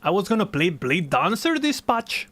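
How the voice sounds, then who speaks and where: A man's voice: sits high, sing-song, moderate pace, fairly bright tone, dry recording. A young man chatting casually while streaming a game, rambling, swearing and laughing often.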